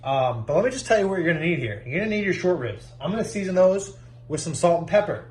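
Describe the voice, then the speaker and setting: A man cooks in his home kitchen and chats through a recipe for his vlog, animated and joking at a quick pace. His high voice has a darkish tone, and the recording is rough.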